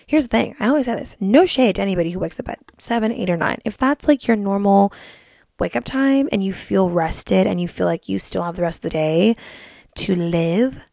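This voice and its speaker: A young woman chats bubbly and brisk to camera in a vlog, saying "like" constantly. Her mid-range voice is creaky with a darkish tone, and the recording is dry and studio quality.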